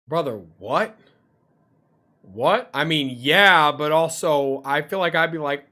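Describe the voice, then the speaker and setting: A man's voice: fairly high pitch, expressive, a little slow, sharp tone. A young man hosting a reaction video, talking in loose, slangy, exclaiming commentary.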